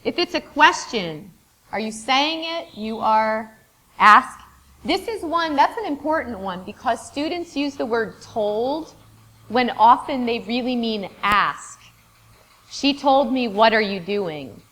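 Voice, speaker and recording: Fairly high-pitched and a bit bright, this woman's voice has lively intonation. She leads an interactive classroom workshop in a room with a board, encouraging students and praising their answers, and at times reels off long lists of words at speed.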